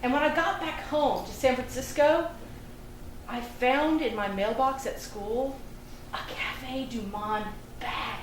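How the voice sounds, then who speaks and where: A woman's voice: high-pitched, slow pace. A woman performing a live solo theatre monologue in a chatty, confiding way, laughing at her own stories. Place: theatre stage before an audience. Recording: roomy, distant stage recording with faint noise.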